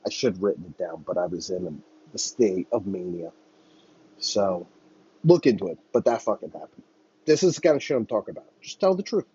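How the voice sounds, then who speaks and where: A man's voice: low-pitched, expressive, a little fast, mellow, lo-fi sound, a little hiss or hum. A man hosting a podcast, ranting on his own in a heated, profane, rambling way. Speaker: podcast host. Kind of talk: solo political commentary rant.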